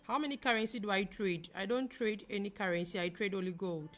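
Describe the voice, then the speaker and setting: A young woman from Ghana hosting a live trading stream, talking fast as she reads viewer comments aloud and answers them. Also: mid-range voice, faint music behind. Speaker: forex trading livestream host. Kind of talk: casual livestream chat reading viewer comments.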